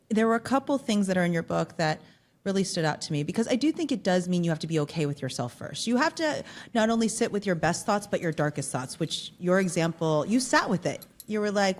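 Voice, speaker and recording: A woman's voice: fairly low pitch, lively intonation, brisk. A woman hosting a podcast interview, affirming her guest and reflecting on what she said. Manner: affirming, reflective, lots of "mm" backchannels. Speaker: podcast host. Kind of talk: conversational interview.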